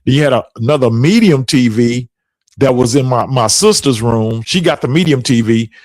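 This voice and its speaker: A man's voice: mid-range voice, normal speed, a little mellow, dry recording. A middle-aged man hosting a podcast, telling stories in a casual chat and laughing often. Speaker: podcast host.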